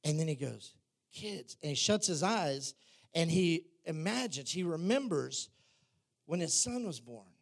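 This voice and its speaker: A man's voice: a little high, animated, measured pace, creaky. A man, preaching a sermon in a chatty storytelling way with self-deprecating humor.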